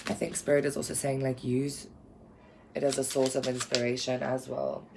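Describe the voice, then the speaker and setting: A woman talks through a spiritual tarot reading in an earnest, meandering way, her words often trailing off into fillers. Her voice carries a gravelly vocal fry, and a faint hiss sits under it. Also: very deep voice, little pitch movement, moderate pace. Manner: rambling, earnest, lots of fillers. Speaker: tarot reader.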